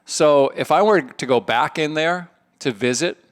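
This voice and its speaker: A man's voice: fairly high pitch, measured pace. A man co-hosting a podcast, telling a personal anecdote in a casual chat and acting out the voices he quotes. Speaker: podcast co-host.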